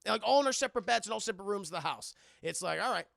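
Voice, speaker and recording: Gravelly high-voiced man streamer. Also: expressive, fairly bright tone, no room sound, studio quality. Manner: profane, rambling, acts out scenes in quick voices. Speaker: streamer reviewing a film. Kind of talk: casual livestream film recap.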